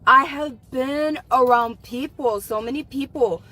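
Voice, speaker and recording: A woman commentator reacting to a clip, slow and insistent. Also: high-pitched, sharp tone, faint music behind.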